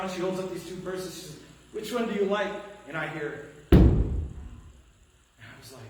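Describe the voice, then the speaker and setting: A pastor with a Midwestern American accent preaching a sermon, telling a family story with quoted lines and dropping to a hush at tense moments. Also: male voice, high voice, a little hiss or hum. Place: church sanctuary. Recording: echoey church from a distance.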